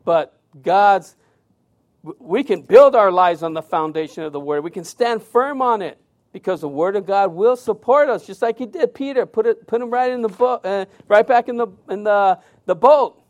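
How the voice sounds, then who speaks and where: A man with a notably high-pitched voice preaches a sermon in an easygoing, conversational way. He slips into animated storytelling and acts out the lines of the people in his story. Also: normal speed.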